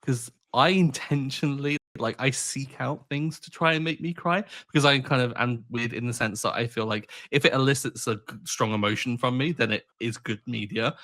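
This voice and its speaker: A man's voice: medium pitch, normal speed, few pauses, a bit bright. A man co-hosting a casual podcast in an easygoing way, laughing often. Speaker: podcast co-host. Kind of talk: casual chat.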